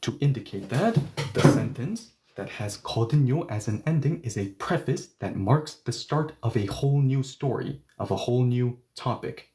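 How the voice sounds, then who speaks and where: Mellow-voiced man teaching grammar. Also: mid-range voice, animated, slight background noise. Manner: patient step-by-step explaining, repeating example sentences slowly. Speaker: Korean language teacher. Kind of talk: online grammar lesson.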